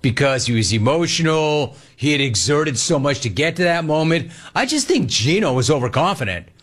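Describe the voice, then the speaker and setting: A sarcastic male sports radio host who talks emphatically and keeps up a steady monologue. His voice sits on the higher side for a man. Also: moderate pace.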